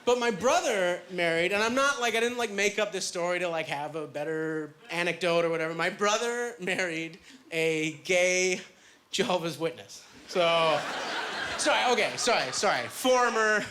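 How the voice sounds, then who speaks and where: A man's voice: sits high, normal speed. A man in his thirties from Canada doing a stand-up comedy set, telling chatty, self-deprecating stories full of fillers. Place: comedy club stage with a live audience. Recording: live club recording with loud crowd laughter.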